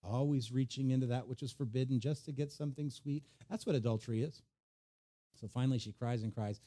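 Animated man preaching a sermon. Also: medium pitch, fairly quick. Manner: animated storytelling, acting out voices. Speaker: pastor.

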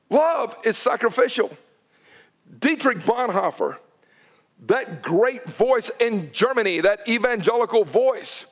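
A man, preaching a sermon as pastor and telling stories with quoted dialogue and urgent emphasis. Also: very high-pitched.

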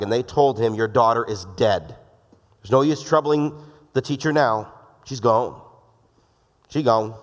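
A man preaching a sermon in a casual, joking way, acting out the voices he quotes. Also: mid-range voice. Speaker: pastor. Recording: long hall reverb.

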